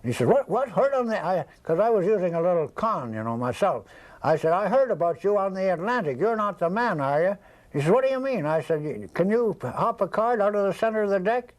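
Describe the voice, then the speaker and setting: Old guy with a high voice rambling thru a story, doing all the other people's lines himself. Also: expressive, a little fast, rough recording. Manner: rambling, acts out the voices of people in his stories. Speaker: interviewee, storyteller. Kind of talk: casual anecdotal storytelling.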